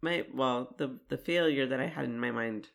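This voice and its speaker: Woman, low voice, gravelly, podcast co-host, laughs a lot. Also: moderate pace. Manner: laughs often, short agreeing replies. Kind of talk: casual chat.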